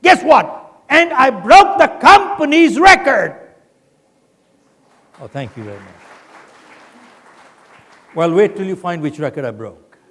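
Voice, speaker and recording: A man's voice: high voice, very animated, takes it slowly, pauses often, a bit bright, a faint crowd. An older man giving a motivational keynote speech, telling a story with acted quotes. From India. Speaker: keynote speaker. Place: large conference hall. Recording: long hall reverb.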